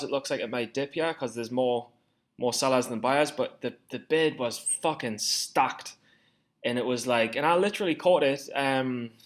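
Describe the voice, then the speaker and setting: Man, 20s, casual vlogger; rambling, self-deprecating, frequent swearing, middle pitch. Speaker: stock trading vlogger. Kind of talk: casual screen-share commentary.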